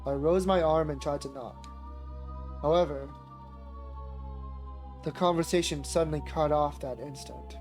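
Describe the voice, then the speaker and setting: A man with a sore voice reading a visual novel aloud in a measured way, breaking off now and then to react. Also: a little high, darkish tone, soft background music. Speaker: streamer.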